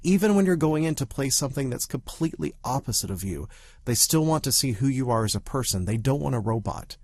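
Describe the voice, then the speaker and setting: Male podcast co-host from the American South, chatty and animated storyteller, mid-pitched, dry close sound. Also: fairly quick, no room sound. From Southern United States. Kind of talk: casual podcast chat.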